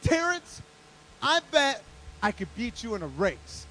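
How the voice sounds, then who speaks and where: Man voicing cocky older brother, teasing, boastful, lively pitch. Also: measured pace, exaggerated voice, low-quality recording. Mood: challenging.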